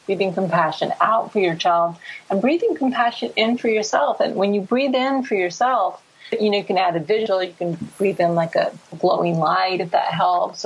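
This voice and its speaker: A middle-aged woman, a psychologist, explaining ideas in an animated, warm way as a podcast guest. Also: medium pitch, husky, rough recording. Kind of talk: podcast interview.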